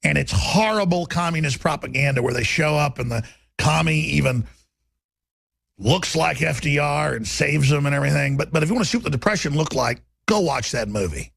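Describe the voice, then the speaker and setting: A combative talk-radio man with a Texas accent, his voice husky and raspy. He rants in a sarcastic, rambling flow, pitched high for a man. The sound is dry and close, with no room around it. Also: expressive, fairly quick, fairly bright tone, no room sound. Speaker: radio talk show host. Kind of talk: ranting talk radio monologue.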